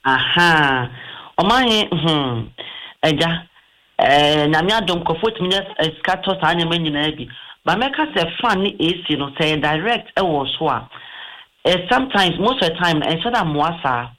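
A man's voice: a little high, lively intonation, normal speed, pushed and bright, poor audio. A man with a Ghanaian accent, an eye doctor giving health advice on a talk show, explaining patiently and mixing in English terms.

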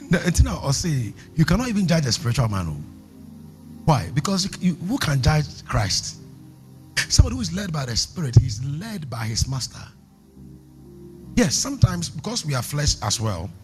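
A man's voice: fairly high pitch, very animated, normal speed, pauses often, faint music behind. A man preaching a sermon as a pastor, emphatic and calling for responses from the congregation.

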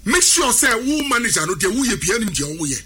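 A man with a Ghanaian accent giving animated sports talk, emphatic and repetitive, drifting into a sing-song delivery. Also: very high-pitched, fast talker, crowd noise. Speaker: sports pundit. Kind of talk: animated sports talk mixing Twi and English.

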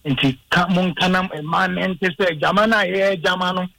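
A man's voice: high voice, fairly even intonation, fairly quick, vocal fry, bright, forceful tone, no room sound, low-quality recording. A man calling in to a radio show with a rambling comment. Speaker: caller. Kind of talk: call-in comment.

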